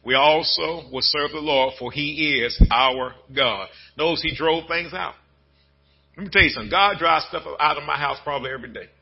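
Husky, high-voiced preaching man. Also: normal speed, lo-fi sound. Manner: folksy preaching, swings from low murmurs to shouted bursts. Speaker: pastor. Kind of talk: sermon.

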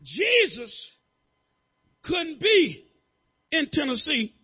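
A male pastor preaching a sermon, talking casually with the congregation, then building to shouted, sung-out preaching. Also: very high voice, very animated, very slow, dull audio. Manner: conversational, calls on congregation members. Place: church.

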